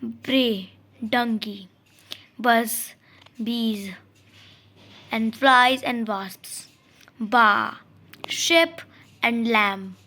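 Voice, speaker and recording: A woman slowly reading out a vocabulary list of words and examples, pausing between each item. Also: on the high side, steady tone, a bit bright. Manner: reads word lists slowly with long pauses.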